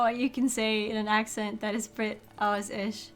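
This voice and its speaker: Streamer: an upbeat, mid-pitched woman chatting to her viewers over soft game music. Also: little pitch movement, moderate pace. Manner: chatty, upbeat, talks to chat. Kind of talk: casual gameplay commentary.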